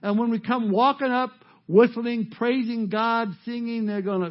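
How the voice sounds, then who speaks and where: Male pastor, sermon delivery, emphatic swells, high pitch, dull lo-fi sound. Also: steady tone, moderate pace, hardly any pauses. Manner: emphatic, rising to loud peaks.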